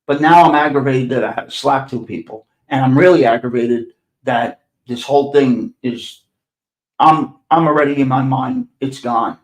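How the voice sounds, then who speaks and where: A man's voice: mid-range voice, moderate pace. Blunt, profane New York man, older. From New York City. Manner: blunt, profane, sarcastic, repeats himself. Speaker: podcast host. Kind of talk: profane storytelling monologue. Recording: echoey room.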